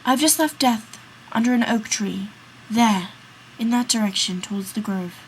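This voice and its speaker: A woman's voice: fairly high pitch, a little hiss or hum, close to an everyday voice, poor audio. Woman doing a weary whispering old man. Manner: half-whispered, slow. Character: weary miserable old man wanting death.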